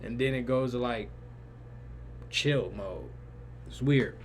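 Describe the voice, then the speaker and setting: A young man telling a story in a lively, casual way, jumping to loud, high-pitched quoted lines. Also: slow, slight background noise. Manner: animated, swings loud and high in quoted lines, swears freely. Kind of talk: animated storytelling.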